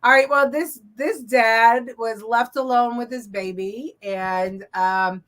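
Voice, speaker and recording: Chatty woman, loose unhurried talk with lots of ums and laughs, a bit high. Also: fairly even intonation, fairly bright tone. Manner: chatty, laughs often, trails off with fillers. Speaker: co-host reacting to viral videos. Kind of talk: casual chat.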